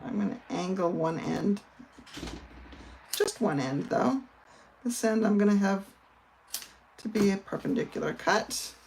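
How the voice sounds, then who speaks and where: A woman's voice: mid-range voice, a little slow, pauses often, a little mellow, a little hiss or hum. A middle-aged woman from the northern United States, chatting casually as she explains a card-making project step by step. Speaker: papercraft instructor. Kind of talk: casual crafting demonstration.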